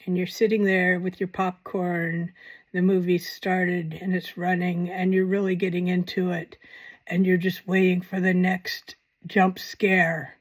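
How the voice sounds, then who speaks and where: A woman's voice: on the low side, little pitch movement, unhurried. A woman hosting a paranormal channel, talking in a casual, rambling commentary with wry, self-mocking asides.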